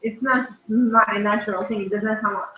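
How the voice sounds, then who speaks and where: A woman in a casual livestream chat who naturally speaks quietly and is pushing herself to talk louder. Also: medium pitch, fairly even intonation, moderate pace, slight background noise. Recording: distant, echoey, dull lo-fi sound.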